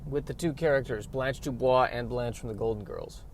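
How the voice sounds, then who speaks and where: A man's voice: mid-range voice, moderate pace, a little hiss or hum. A man hosting his own podcast in a casual, rambling monologue, talking in an offhand, self-mocking way. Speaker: podcast host.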